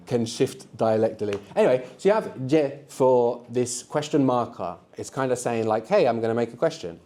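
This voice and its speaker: Male language teacher running a live classroom workshop, warm mellow tone, encouraging, keeps checking in with the group. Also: medium pitch. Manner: encouraging, quizzes the group with frequent tag questions. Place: classroom with students.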